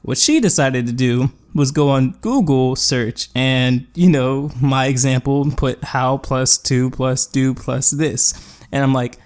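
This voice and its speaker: A man's voice: mid-range voice, slow pace, clean tone. A young man casually telling a rambling story, with fillers and quoted voices. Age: young adult. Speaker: gaming YouTuber. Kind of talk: storytelling over gameplay.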